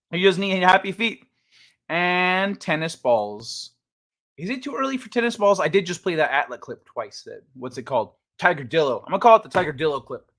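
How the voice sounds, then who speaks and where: A male livestream host who talks in a loose, chatty way, reacting to his viewers, cursing casually and laughing often. His voice sits a little high for a man and swings up and down with lively, animated pitch. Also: normal speed. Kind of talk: casual live-chat stream.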